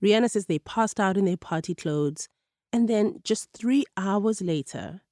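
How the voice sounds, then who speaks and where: A woman narrating a radio documentary in a measured, clear storytelling manner. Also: medium pitch, darkish tone, no room sound, clean studio sound.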